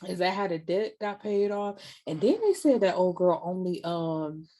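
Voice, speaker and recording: Blunt, animated woman reviewing a show. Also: on the low side, moderate pace. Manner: blunt, animated, swears freely, talks to viewers as y'all. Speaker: book and TV reviewer. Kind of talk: casual spoken review.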